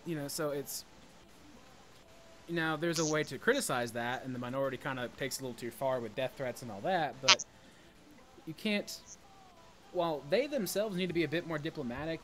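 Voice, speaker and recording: Rambling, blunt man with a slightly high voice. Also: fairly bright tone. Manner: rambling, restarts often, blunt and profane. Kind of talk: casual chat about gaming.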